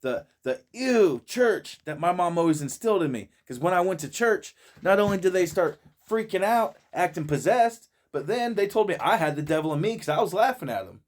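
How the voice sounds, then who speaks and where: A man's voice: high-pitched, animated, a little fast, few pauses. A man talks in a loose, rambling way and trips over his own words, repeating them as he starts again. He swears a lot and keeps breaking into laughter. He is speaking from inside a friend's shed. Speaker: vlogger reacting to a video. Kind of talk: casual profane monologue.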